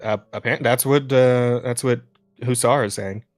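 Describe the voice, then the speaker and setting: A man's voice: mid-range voice, steady tone, normal speed, no room sound, faint music behind. A man hosting a casual podcast chat who rambles with many fillers, swears and laughs often. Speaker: podcast host.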